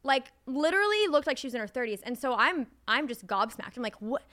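A young adult American woman, a wedding photographer guest, telling stories in an animated casual way, full of likes and swearing. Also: sits high, fairly quick. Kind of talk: casual chat.

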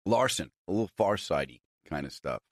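A man hosting a podcast, chatty and quick to joke. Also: low-pitched, lively intonation, no echo, clean studio sound. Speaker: podcast host. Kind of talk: casual chat.

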